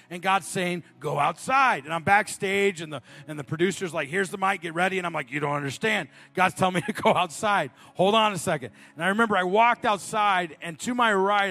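Man, preacher, sermon, storytelling, passionate appeals, slightly high voice. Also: pushed and bright.

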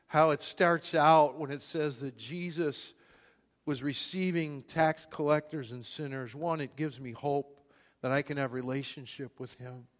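Man preaching in an echoing hall. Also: a little high. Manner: retelling a parable in plain everyday words, voicing the characters. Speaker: pastor. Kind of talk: sermon.

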